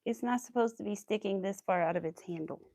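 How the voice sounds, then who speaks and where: A woman's voice: mid-range voice, fast talker, a little mellow, no room sound, studio quality. A young woman with a Southern US accent chatting casually while she crochets on a livestream, rambling and laughing often.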